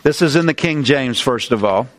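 A man preaching a sermon, animated, climbing in pitch on his points and chatting loosely between scripture readings. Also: normal speed. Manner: animated preaching, rising pitch on emphasis, asides and restarts.

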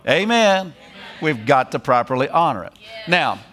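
A middle-aged man preaching a sermon, animated, repeating phrases and laughing as he drives points home. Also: a little high, normal speed.

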